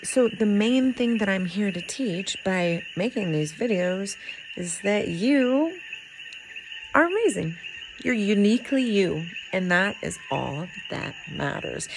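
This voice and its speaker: A woman's voice: medium pitch, expressive, takes it slowly, background noise. A woman vlogging to the camera in an earnest, rambling way, laughing often as she talks through her feelings. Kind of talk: heartfelt personal talk to camera. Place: in Puerto Rico.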